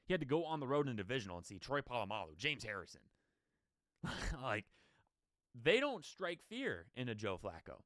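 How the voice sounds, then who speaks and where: A man hosting a sports show alone, his pitch jumping up and down as he rants. He fires off opinions and rhetorical questions in a quick, worked-up run. The sound is dry and close, with no room around it. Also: dry recording. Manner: animated, opinionated, rapid-fire rant with rhetorical questions. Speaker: sports podcast host. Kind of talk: solo sports commentary.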